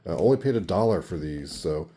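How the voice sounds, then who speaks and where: A man talking through his thrift and garage sale finds in a casual, monotone way, with dry sarcasm. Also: low-pitched, brisk. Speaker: reseller vlogger. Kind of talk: casual haul rundown.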